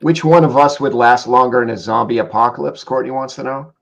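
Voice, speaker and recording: Gravelly man reading viewer questions. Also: mid-range voice. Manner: reads out chat comments with quick asides and chuckles. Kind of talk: casual livestream chat.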